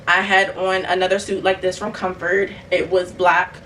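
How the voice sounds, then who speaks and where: A young woman vlogger, telling a story in animated, casual chat while cleaning her bedroom, addressing viewers as y'all. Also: fairly low pitch, moderate pace, recorded from a distance, slight background noise, poor audio. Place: bedroom at home.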